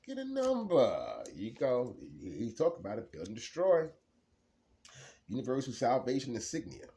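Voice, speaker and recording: A man giving a casual, rambling tarot card reading, laughing often and swinging between low mutters and loud bursts. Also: wildly swooping pitch, normal speed, creaky, slight background noise.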